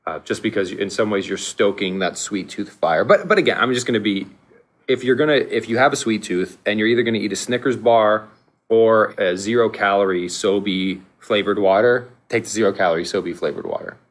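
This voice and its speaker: A man co-hosting a casual podcast, animated, laughing often and restarting his sentences. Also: fairly low pitch, a little fast. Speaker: podcast co-host.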